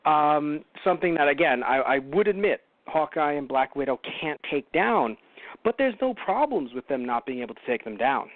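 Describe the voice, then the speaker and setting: A man's voice: a little high, animated, moderate pace, dry recording. A man hosting a casual movie review show, rambling and correcting himself with wry asides. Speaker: podcast host. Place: home. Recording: tinny phone-line call-in audio.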